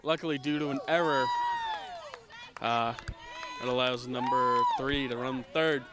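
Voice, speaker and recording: A man giving casual, self-deprecating play-by-play of a softball game outdoors in light rain, sometimes hushing into a mock golf-announcer voice, picked up by a camera mic. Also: mid-range voice, wildly swooping pitch, a little slow, over a noisy crowd, very noisy. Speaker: amateur sports commentator.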